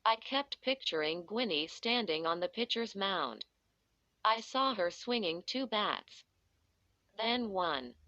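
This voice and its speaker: Slow, bright-voiced woman reading a story. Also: mid-range voice, sing-song, no echo. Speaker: audiobook narrator. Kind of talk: first-person story reading. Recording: dull lo-fi dry recording.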